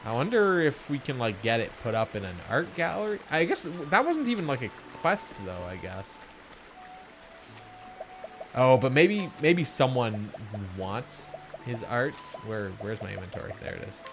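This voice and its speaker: A man's voice: medium pitch, sing-song, moderate pace, over music. A man giving chatty, joking commentary while streaming a game. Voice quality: chatty, joking, self-deprecating. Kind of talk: casual gameplay commentary.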